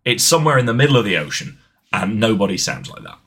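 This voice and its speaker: A man co-hosting a podcast, chatting casually in an animated, playful way, with asides and restarts. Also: lowish voice, fast, breathy edge. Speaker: podcast co-host. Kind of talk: casual banter.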